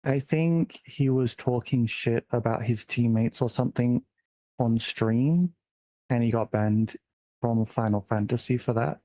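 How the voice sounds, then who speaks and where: Relaxed stream guest, middle-pitched voice, dry close sound, casual chat. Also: measured pace, dry recording.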